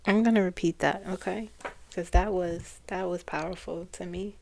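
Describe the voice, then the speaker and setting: A woman psychic reader speaking earnestly to her viewers as she relays channeled messages, often pausing to restart and repeat phrases. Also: on the low side, fairly even intonation, gravelly, a little mellow, slight background noise.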